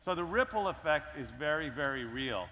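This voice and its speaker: A man's voice: a little high, lively intonation, moderate pace, bright, forceful tone, muffled recording, a little hiss or hum. A man speaking earnestly and persuasively on a conference panel. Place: conference stage.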